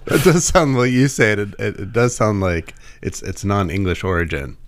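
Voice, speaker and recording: A man co-hosting a casual podcast, jokey and animated, with a lot of filler words. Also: lowish voice, moderate pace. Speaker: podcast co-host.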